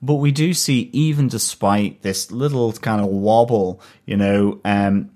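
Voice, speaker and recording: Enthusiastic male podcast co-host with a lower voice, rambling with filler words. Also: measured pace, mellow. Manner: chatty, enthusiastic, many fillers. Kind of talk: casual chat.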